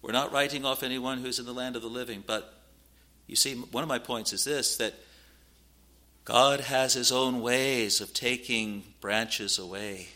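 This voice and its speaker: A man's voice: medium pitch, fairly even intonation, unhurried, pushed and bright. A man preaching a sermon in a solemn, earnest manner, quoting scripture in old-fashioned wording. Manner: solemn, rising to urgent warnings.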